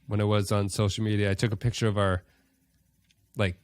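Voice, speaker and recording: A man's voice: fairly low pitch, little pitch movement, a little fast, no echo. A man in his thirties, sick with a cold, co-hosting a podcast in a joking, self-mocking way. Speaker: podcast co-host. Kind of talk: casual chat.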